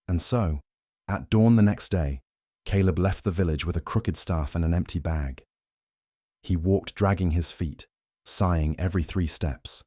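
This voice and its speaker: A man narrating a scripted moral fable in a measured, dramatic way. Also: low-pitched, warm tone, dry recording, studio quality.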